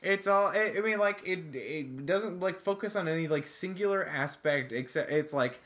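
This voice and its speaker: A man's voice: on the high side, expressive, moderate pace, fairly bright tone. A man chatting casually about a movie, rambling, swearing and laughing often.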